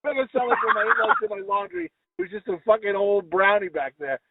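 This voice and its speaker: A man's voice: high voice, huge pitch swings, fast, creaky, heavy background noise. A man hosting a casual comedy podcast, telling rambling, profane stories. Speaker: podcast host. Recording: tinny phone-like call audio.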